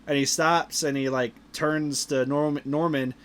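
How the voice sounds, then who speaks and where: A man's voice: a little high, fairly even intonation, unhurried. A man hosting a podcast, casually retelling a movie plot with lots of fillers and restarts. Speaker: podcast host. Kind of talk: casual movie review chat.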